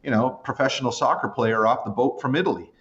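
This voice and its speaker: Talking fast in a medium-pitched voice over a muffled recording, a fifty-something Canadian man guests on a podcast. He chats casually, rambles, jokes at his own expense and tells stories with animation.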